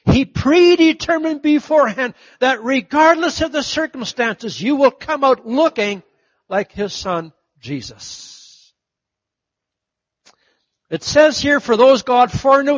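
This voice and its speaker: High, husky-voiced male preacher. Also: expressive, slow pace, dry recording, dull audio. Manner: storytelling, acts out quoted voices, big swings from loud to hushed. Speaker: pastor. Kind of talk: sermon.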